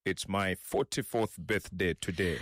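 Deep-voiced man co-hosting a radio show. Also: a little slow, fairly bright tone, no room sound, clean studio sound. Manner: easygoing, reads messages aloud with short affirmations. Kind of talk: casual radio chat, reading listener messages.

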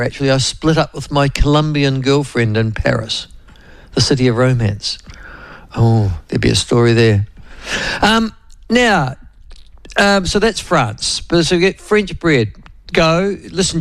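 A man's voice: mid-range voice, dry recording. A man with a New Zealand accent hosting a casual talk radio show, rambling and chatty with lots of fillers. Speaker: radio host.

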